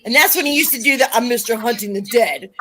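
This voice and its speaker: A woman's voice: a little high, fast, background noise. A middle-aged woman chatting casually on a panel, telling stories and acting out the voices of the people she quotes. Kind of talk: casual chat.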